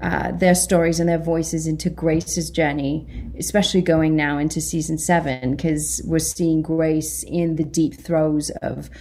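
A British woman, an actress, chatting in an interview, animated and laughing often as she acts out her own reactions. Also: sits low, measured pace, hardly any pauses. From Britain. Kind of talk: casual interview chat.

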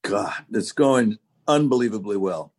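Slow-talking man in casual chat. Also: on the low side. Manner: slow and relaxed, with fillers. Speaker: podcast guest.

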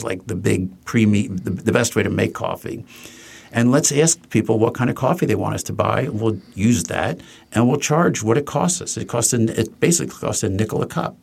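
An older New Jersey man who co-founded a furniture company tells anecdotes in a casual interview, often restarting his sentences and acting out the voices of people he quotes. His voice is fairly low, darkish, slightly rough, with vocal fry.

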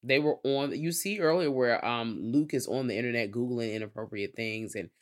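A man's voice: medium pitch, fairly quick. Male podcast co-host, Southern US accent, easygoing reflective talker, swears freely. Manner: laid-back, profane, reflective commentary. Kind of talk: casual movie review chat.

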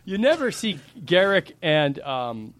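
A man's voice: on the high side, very animated, slow pace, fairly bright tone. A man co-hosting a comedy podcast and dropping dry, wisecracking asides. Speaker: podcast co-host. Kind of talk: casual comedic chat.

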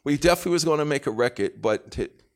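A man on an interview show, telling an anecdote in a casual, animated way, acting out other people's lines and swearing freely. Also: a little high, fast. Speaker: interview guest.

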